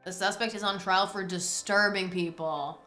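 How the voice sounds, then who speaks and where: A woman's voice: mid-range voice, steady tone. A woman streaming a courtroom game, playfully judging suspects with theatrical outbursts. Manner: theatrical, quick swings into loud exclamations. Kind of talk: playful gaming commentary. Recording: roomy echo with faint music.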